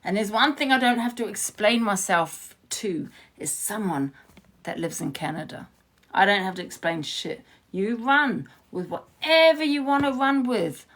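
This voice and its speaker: A woman's voice: mid-range voice, expressive, measured pace, a bit bright. A woman livestreaming from her phone, heated and confrontational, swearing freely as she rants to her viewers. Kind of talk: ranting live stream to viewers.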